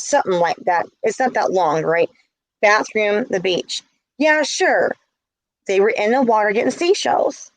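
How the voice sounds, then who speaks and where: A woman's voice: medium pitch, animated, a little slow, no room sound, low-quality recording. A middle-aged woman telling a story in a casual vlog, heated and indignant. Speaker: vlogger.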